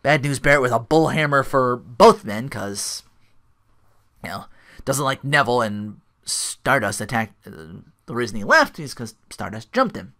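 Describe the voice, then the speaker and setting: A man's voice: mid-range voice, very animated, normal speed, sharp tone. A man hosting a podcast, casually recapping a show in a rambling way, full of restarts and asides. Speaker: podcast host.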